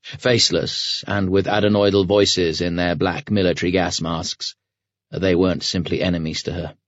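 A man narrating an audiobook in a measured, grave storytelling manner. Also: deep voice, level tone, no echo, highs cut off. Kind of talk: scripted narration.

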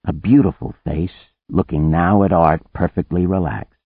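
A man narrating a science fiction audiobook in a steady storytelling manner. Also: low voice, moderate pace, slightly rough, no echo. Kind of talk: scripted narration. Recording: narrow phone-like band, dry.

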